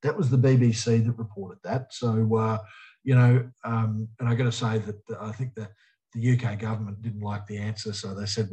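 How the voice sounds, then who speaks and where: Being interviewed, an Australian politician answers emphatically, repeating short, punchy phrases. His lowish voice is dark and flat, at a moderate pace, on poor audio.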